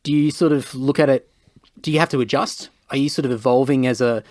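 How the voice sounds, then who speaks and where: A man hosts a casual podcast interview in a mid-pitched voice. He asks long, winding questions and keeps correcting himself. His sound is dry and close, with no room echo. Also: fairly even intonation, fairly quick, a little mellow. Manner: meandering questions, self-correcting. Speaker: podcast host.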